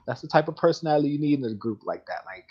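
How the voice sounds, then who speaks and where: A man hosts a live collectibles show in a casual live-stream chat, rambling, chatty, and laughing often. His voice is fairly high, expressive, and rapid-fire, and the stream audio is dull and lo-fi.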